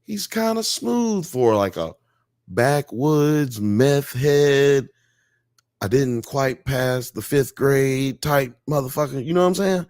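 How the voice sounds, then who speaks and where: A man hosting a casual live-stream talk show, animated, slangy and joking. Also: mid-range voice, a little slow, few pauses, no room sound, studio quality. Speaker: podcast host.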